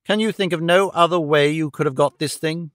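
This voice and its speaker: A man's voice: fairly high pitch, a little fast, fairly bright tone, no room sound, studio quality, lightly acted. A man voicing a cold, gloating middle-aged male villain who mocks and menaces his dying victim. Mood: menacing. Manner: sneering, menacing, mocking.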